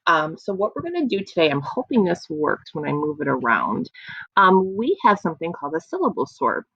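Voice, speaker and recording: A young woman leads little children through an online phonics lesson, slow and encouraging in a sing-song way. Her voice has a slight gravelly edge. The sound is dry and a little dull, like a basic computer mic. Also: lowish voice, very animated, a bit bright, no room sound. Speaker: kindergarten teacher.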